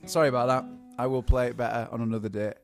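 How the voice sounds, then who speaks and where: The man, co-hosting a live music show, rattles off a rambling, laugh-filled story at rapid-fire speed, restarting and repeating words along the way. His mid-range voice is creaky and stays level.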